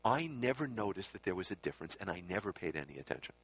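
In a dull lo-fi recording, a man with a low, sing-song voice talks quickly, his tone a bit bright and slightly rough. He's recalling time spent with a spiritual teacher, rambling casually through the anecdote, correcting himself and tossing in asides.

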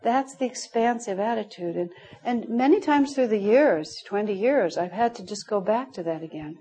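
A woman's voice: medium pitch, expressive, normal speed, a little hiss or hum, poor audio. A middle-aged woman teaching a spiritual class, telling stories with frequent laughter. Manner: warm storytelling, laughing often. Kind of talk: spiritual class talk with anecdotes.

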